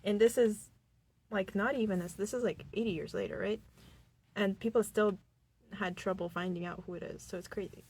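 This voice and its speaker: A woman's voice: medium pitch, fairly even intonation, normal speed, darkish tone, slightly rough. A young woman from Boston co-hosting a podcast in a small studio, telling a case in casual chat, giggly and full of fillers. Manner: giggly, rambling with many fillers. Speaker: podcast co-host.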